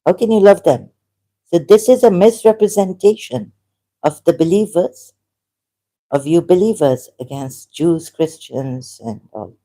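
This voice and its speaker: Mellow-voiced speaker in a rambling argumentative monologue. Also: mid-range voice, lively intonation. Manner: argumentative, halting, reads verses aloud. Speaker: solo vlogger.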